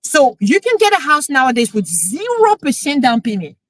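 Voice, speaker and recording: A woman, a real estate coach chatting emotionally on a live stream, excited as she talks. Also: high-pitched, normal speed, no echo, low-quality recording. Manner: excited, emotional, switching into French.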